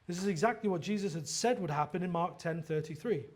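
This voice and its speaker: A man's voice: high voice, quick pace. A man preaching an earnest expository sermon, stumbling and restarting often and checking in with the listeners. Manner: quotes dialogue in lively voiced asides. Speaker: pastor.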